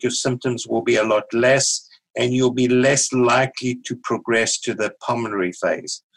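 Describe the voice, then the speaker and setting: A middle-aged man with a South African accent, a physician guest explaining medical ideas in a measured, patient way on a podcast interview. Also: mid-range voice, fairly bright tone, slightly rough, rough recording. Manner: measured, explanatory, with small restarts.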